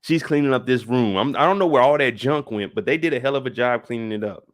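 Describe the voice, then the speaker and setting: A man hosting a live stream, giving casual, jokey commentary on a TV episode and getting animated and high-pitched when excited. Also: fast talker.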